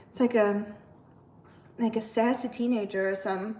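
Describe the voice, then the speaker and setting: A woman's voice: mid-range voice, steady tone, moderate pace, darkish tone. A woman live streamer chatting casually with her viewers, rambling and using lots of filler words. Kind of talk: casual livestream chat.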